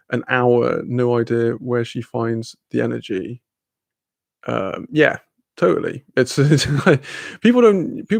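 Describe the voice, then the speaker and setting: A man's voice: mid-range voice, creaky, darkish tone, dry recording. A man hosting a livestream, casually reading the chat aloud, laid-back, laughing often and swearing freely. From Wales. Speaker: livestream host.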